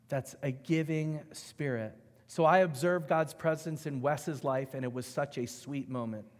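Animated male preacher in a reverberant hall. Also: on the high side. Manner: animated, emphatic storyteller who swings between loud and hushed. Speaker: pastor. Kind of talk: sermon with personal storytelling. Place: church sanctuary.

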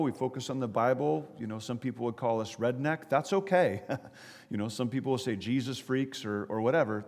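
A man giving a sermon as pastor, talking to the congregation in a chatty way with repeated words and quick asides. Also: medium pitch, long reverb tail. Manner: conversational preaching with repeated words and audience asides. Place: church sanctuary.

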